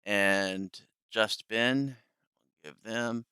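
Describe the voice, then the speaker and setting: A man hosts a stream in loose, rambling chat, chuckling between thoughts. His voice is bright and crisp, and it sits close and dry on the mic. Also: on the low side, drawn-out words, dry recording. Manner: rambling, laughing, many fillers. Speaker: streamer host. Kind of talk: casual chat.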